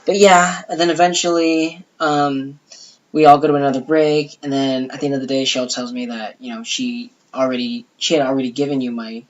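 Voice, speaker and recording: A woman with a strikingly deep voice tells a long story on a casual podcast, leaning hard on "you know" and "like" and swearing freely. The audio is dull and lo-fi. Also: fairly even intonation, brisk. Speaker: podcast co-host.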